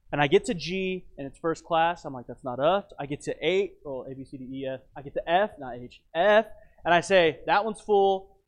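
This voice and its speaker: A man in his thirties telling a travel story in a lively, dramatic way, with wry asides. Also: a little high. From United States. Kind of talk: storytelling talk.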